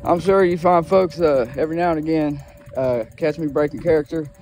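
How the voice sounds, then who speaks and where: A worn-out man from Ohio talks to the camera while pushing his bicycle, wandering from one thought to the next with plenty of cursing. His voice sits fairly high for a man but sounds mellow and soft-edged, and he is a little winded. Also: a little fast, slight background noise. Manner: profane, meandering, tired. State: winded from walking a bicycle uphill. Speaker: vlogger. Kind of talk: casual rambling monologue.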